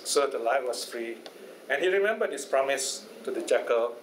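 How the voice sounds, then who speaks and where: A man's voice: mid-range voice, lively intonation, moderate pace. A Buddhist teacher telling a fable to a study class, chatty and often checking in with his listeners. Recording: echoey room, faint noise.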